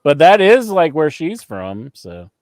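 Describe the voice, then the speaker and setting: A man's voice: fairly high pitch, sing-song, measured pace, darkish tone, no room sound. A man co-hosting a wrestling podcast, ranting in casual chat with lots of swearing. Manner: profane, ranting, mimics people he mocks. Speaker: podcast co-host.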